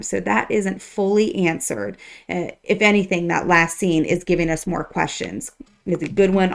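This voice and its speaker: A woman talking casually as she reviews a TV episode, chatty with many fillers, reading a letter aloud at times. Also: fairly low pitch. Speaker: TV show reviewer.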